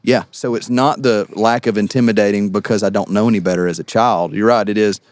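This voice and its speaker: Deep-voiced young man telling stories. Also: no room sound, clean studio sound. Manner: animated, laughing storyteller with quick asides. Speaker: podcast guest, actor. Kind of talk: casual storytelling.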